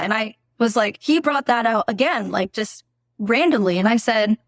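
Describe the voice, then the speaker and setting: A woman's voice: on the high side, expressive, moderate pace, no echo, clean studio sound. A young woman, a podcast guest, telling a story casually, filling her speech with "like" and swearing freely. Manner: chatty, heavy use of "like", swears freely. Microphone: podcast microphone.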